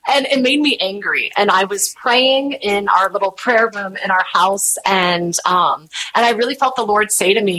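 Bright, chatty woman telling stories. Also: mid-range voice, normal speed, few pauses, poor audio. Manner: chatty, animated storytelling with voiced quotes. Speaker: podcast host and guest. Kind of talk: casual interview chat.

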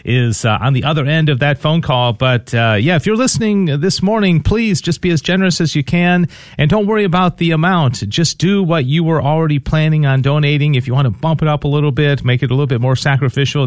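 A man's voice: a little high, no room sound. Man, radio fundraiser host, upbeat, studio mic, dry close sound. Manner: upbeat, explains slowly with fillers and restarts. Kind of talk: radio pledge drive talk.

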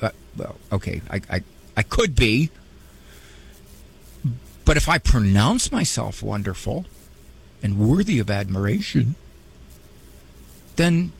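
A man's voice: mid-range voice, creaky, slightly rough. A man hosting a radio advice talk show, conversational and humorous with a preachy bent.

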